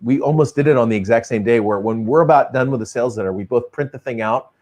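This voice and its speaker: A man's voice: medium pitch, fast talker, darkish tone. A man hosting an interview, talking directly to viewers with emphatic points. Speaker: host. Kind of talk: interview conversation.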